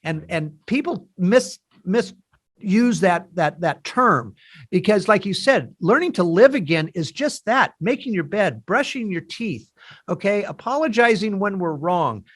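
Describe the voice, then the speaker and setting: A man in his sixties hosting a podcast, telling stories in an animated way and laughing between lines. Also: high-pitched, measured pace. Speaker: podcast host and founder of a recovery nonprofit. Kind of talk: casual podcast conversation.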